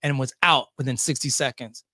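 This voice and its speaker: A man's voice: a little fast, no room sound, studio quality. A middle-aged man from the Lansing area, a podcast guest telling stories in casual conversation, acting out quotes with big jumps in his voice. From Lansing, Michigan area. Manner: lively, acts out quotes with big pitch jumps. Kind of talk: animated storytelling in casual conversation.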